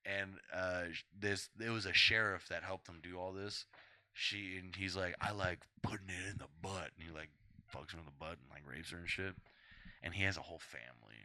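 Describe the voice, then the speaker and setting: Young male co-host, bright edgy tone, dry close sound, crude storyteller. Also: low-pitched, brisk, no echo. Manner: animated storyteller acting out characters' voices. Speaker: podcast co-host. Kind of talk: crude casual chat, retelling a movie.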